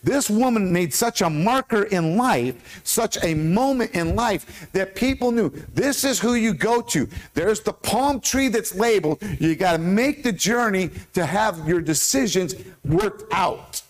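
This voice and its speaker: A man with an American accent preaching a sermon as pastor, animated, with questions to the congregation. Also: high-pitched, unhurried, hardly any pauses. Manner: animated, asks the congregation questions, stumbles over hard names.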